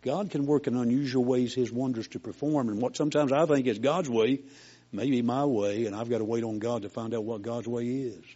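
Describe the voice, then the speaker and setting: A man's voice: mid-range voice, steady tone, brisk, mellow, slightly rough, lo-fi sound. An older man preaching a sermon in a folksy, homespun storytelling way, as a preacher.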